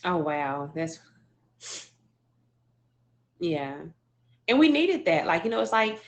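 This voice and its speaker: Woman, lowish voice, personal grief story, halting delivery with restarts. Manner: halting, emotional, many restarts and fillers. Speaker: widow telling her story.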